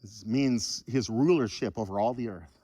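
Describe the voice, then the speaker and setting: A man preaching a sermon in church, animated and joking with the congregation. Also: on the low side, normal speed, big-room sound. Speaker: pastor.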